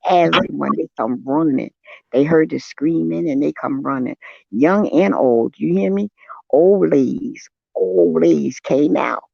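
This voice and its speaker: An older man, a guest on a live stream, telling a personal account in casual chat, earnest and shaken, with soft affirming hums between thoughts. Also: a little high, a little slow, gravelly, dry recording. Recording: dull, lo-fi, dry sound.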